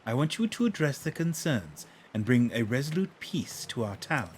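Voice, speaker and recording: A man reads as a regal young chief, formal and measured. The voice rises and falls in a lively way. She fits a fantasy game. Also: mid-range voice, noisy background, close to an everyday voice.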